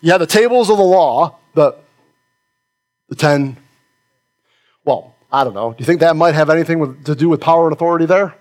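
A man's voice: on the high side, a little fast, long pauses, a little mellow. A man preaching a sermon, folksy, asking the congregation questions and joking with them. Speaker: pastor. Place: church sanctuary with congregation.

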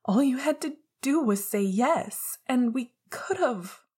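A woman's voice: high-pitched, expressive, takes it slowly, a little mellow, husky, pitched above the performer's own voice, full character voice. A woman voicing a young man who pleads in a raw, desperate voice.

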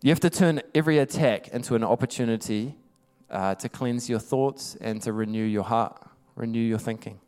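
Clear-voiced male preacher. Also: mid-range voice, normal speed, a little mellow, soft background music. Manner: emphatic, conversational storytelling. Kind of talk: sermon.

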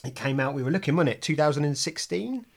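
A woman co-hosting a podcast, with a very low voice that moves up and down a lot. She is chatty and jokey, laughs often and restarts her sentences as she goes. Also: animated, fast talker, gravelly, breathy edge. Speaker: podcast co-host. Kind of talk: casual chat.

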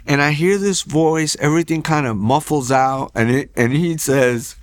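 A man's voice: fairly high pitch, normal speed, hardly any pauses. A man in his forties sharing a personal faith testimony in a church, telling it in an earnest, rambling way with restarts and asides.

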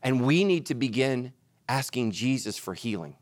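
A man preaching a sermon as pastor, animated, swinging between loud emphatic lines and hushed ones. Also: mid-range voice, moderate pace, dry recording.

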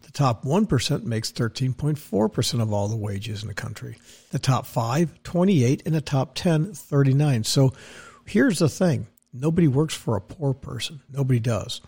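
A man who is a financial adviser hosts his own podcast, delivering a blunt, rambling, opinionated solo rant with many restarts. His voice is medium-pitched, darkish and slightly rough.

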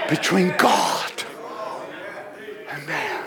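A man preaching a sermon, dropping to low murmurs and rising to loud shouts. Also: lively intonation, normal speed, long pauses, crowd noise, background noise.

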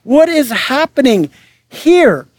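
A man preaching a sermon as pastor, lively and animated, acting out characters and firing rhetorical questions. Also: extremely high pitch, takes it slowly. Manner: animated, acts out biblical voices with rhetorical questions.

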